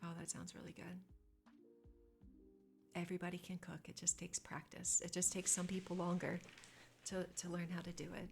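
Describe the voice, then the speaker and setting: A young woman with a lowish voice and a gravelly edge, chatting casually with her live chat. She talks easily and turns squeamish at gross topics, with faint music in the background. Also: monotone, normal speed, long pauses. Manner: chatty, reads and answers chat, squeamish asides. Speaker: streamer.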